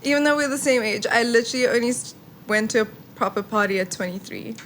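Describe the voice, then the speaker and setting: Chatty woman podcast host, higher voice. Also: a bit bright, slight background noise. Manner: chatty, quick with short encouraging replies. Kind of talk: casual interview chat.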